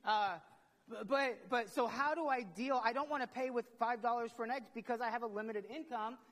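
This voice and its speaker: A man's voice: very high-pitched, brisk, a bit bright. A middle-aged man, preaching a conversational sermon as a pastor, asking himself questions and repeating words as he builds up. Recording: long hall reverb.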